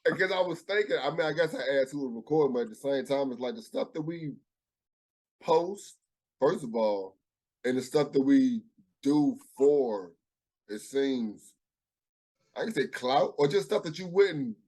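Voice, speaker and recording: A man's voice: medium pitch, animated, normal speed, darkish tone. A man co-hosting a casual podcast chat, thinking aloud and reflecting with frequent restarts. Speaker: podcast co-host.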